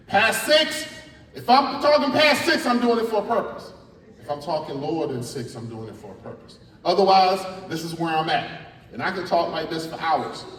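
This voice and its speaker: A middle-aged man, a spoken word artist giving a lively, playful workshop talk to students in a large school hall. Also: on the high side, a little hiss or hum. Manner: animated and playful, coaching the crowd. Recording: echoey hall from far off.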